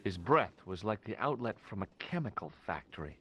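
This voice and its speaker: Sardonic investigator, dry wit, lively pitch, video game dialogue. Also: male voice, brisk, highs cut off.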